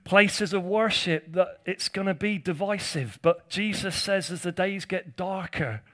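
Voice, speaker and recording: A man's voice: high voice, unhurried, a bit bright. A male pastor preaching a conversational sermon, with jokey asides to his congregation.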